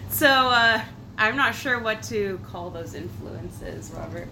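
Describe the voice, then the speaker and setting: A woman's voice: medium pitch, lively intonation, slow, gravelly, very noisy. A woman guest game master chatting on a podcast, laughing often and talking about her own habits. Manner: giggly, self-deprecating. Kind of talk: casual podcast chat.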